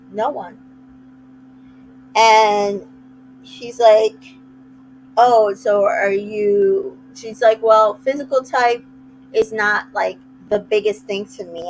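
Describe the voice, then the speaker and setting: Slow-talking chatty woman recapping. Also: fairly high pitch, a little hiss or hum, low-quality recording. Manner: chatty, retells scenes with quoted asides. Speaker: recap host. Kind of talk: casual recap chat.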